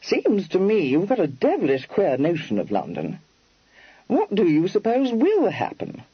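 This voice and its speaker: A man's voice: sits high, huge pitch swings, moderate pace, husky, dry recording, dull audio, pitched above the performer's own voice, exaggerated voice. A man doing a blunt, gloomy young gent. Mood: worried. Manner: clipped, slangy sentences.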